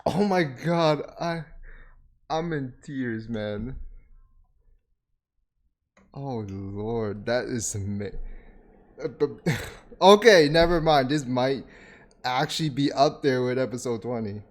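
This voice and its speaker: A man reacting to anime in casual commentary, talking to his viewers. His voice swings widely in pitch, rising high on exclamations and dropping low, and he takes his time between remarks. He laughs often and swears freely. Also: animated, a little slow. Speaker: anime reaction channel host.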